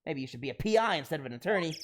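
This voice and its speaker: A man voicing an excitable young woman sidekick in a video game, squealing with high excitement. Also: racing, slight background noise, close to an everyday voice. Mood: excited. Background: video game music.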